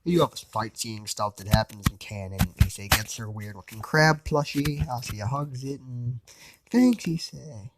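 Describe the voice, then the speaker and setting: A man's voice: on the low side, fairly even intonation, moderate pace, hardly any pauses. A man reading his own fan fiction aloud in a loose, casual way, with slips and restarts. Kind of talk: casual story narration. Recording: noisy home recording with clicks.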